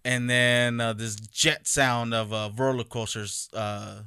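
Casual storyteller, man in his 30s, bright crisp voice, animated, dry close sound. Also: medium pitch, slow, no room sound. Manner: animated storyteller, acts out quotes. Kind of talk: casual chat.

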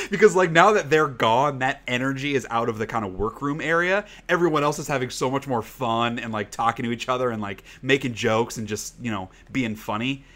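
A man's voice: mid-range voice, fairly bright tone. A man co-hosting a podcast who chats casually and rambles, swearing freely and using lots of "like". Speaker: podcast co-host. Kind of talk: casual chat.

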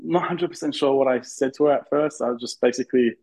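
A man's voice: mid-range voice, fast talker, darkish tone, rough recording. An Australian man, a podcast guest, telling an eager, nervous story with lots of fillers and restarts. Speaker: interview guest, fan. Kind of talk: casual storytelling in a podcast interview.

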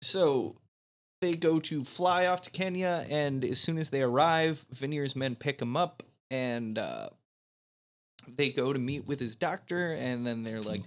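A man's voice: medium pitch, measured pace. A man casually recapping a movie plot on a podcast, laughing often and leaning on filler words. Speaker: podcast host.

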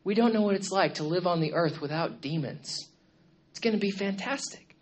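A man's voice: high-pitched, expressive, normal speed. A male pastor delivers a sermon in a room full of listeners. He keeps it conversational, often tossing in "okay?" and "right?" to check in with them. He repeats words and restarts his phrases as he builds his points. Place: room with a congregation.

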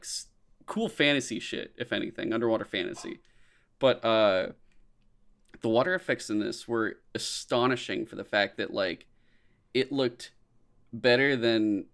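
A man's voice: fairly low pitch, a bit bright. A young man in casual conversation about movies, laid-back, swearing freely and laughing often. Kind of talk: casual movie review chat.

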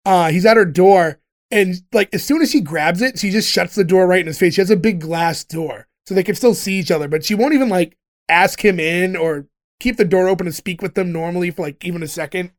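A man with a notably high speaking voice walks through an episode scene by scene. He is chatty and breaks into laughter often. The talk is casual and unscripted. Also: fairly quick. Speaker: podcast host recapping a TV episode. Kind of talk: casual chat.

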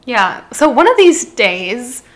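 A woman from Illinois with a fairly high voice co-hosts a casual true-crime podcast. She narrates the case in a chatty, easygoing way, breaking into laughter often. Her delivery stays conversational rather than formal. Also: big pitch swings, slow. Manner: storytelling, chatty, laughs easily. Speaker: podcast co-host.

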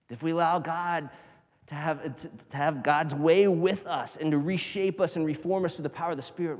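A male pastor giving a casual, conversational sermon, swinging from loud emphasis to hushed near-whispers. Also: fairly high pitch, brisk. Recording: long reverb of a large hall.

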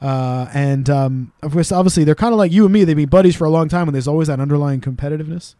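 A man telling stories in a casual, animated way as a podcast co-host, now and then doing quick voices of the people he quotes. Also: a little high, no echo, clean studio sound. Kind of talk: casual storytelling chat.

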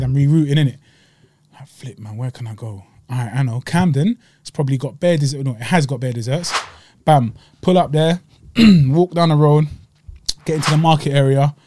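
A young man, telling a casual story on a podcast, animated and full of slang and punchy sound words. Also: a little high, no room sound, clean studio sound. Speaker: podcast co-host.

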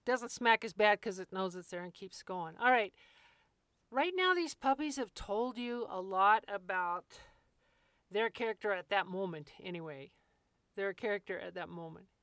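A woman's voice: medium pitch, moderate pace, a bit bright, clean tone, no echo. A woman walking listeners through a scene step by step in a vivid, folksy teaching manner, speaking to them as "you". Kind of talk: guided walkthrough talk.

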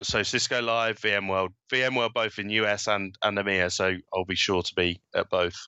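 A man speaking as a podcast guest, eager and halting, with many repeated words. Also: lowish voice, little pitch movement, bright, forceful tone, clean tone, no echo, muffled recording. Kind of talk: casual podcast chat.

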